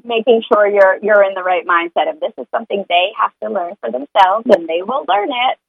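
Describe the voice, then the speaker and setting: A woman talks through parenting advice in a loose, conversational way, circling back on her words. Her voice is slightly husky and sits in a middle range. The sound is dry and close, with no room echo. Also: mid-range voice, fairly quick, phone-quality sound. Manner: earnest, rambling, acts out sing-song parent scripts. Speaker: parent sharing potty-training experience. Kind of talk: casual podcast conversation.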